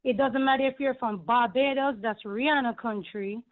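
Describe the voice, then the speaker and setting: A woman with a Caribbean accent calls in over a tinny phone line and holds forth at length. She is emphatic and indignant, and her high voice rambles from point to point. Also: moderate pace. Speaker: caller. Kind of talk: call-in radio rant. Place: home in New York.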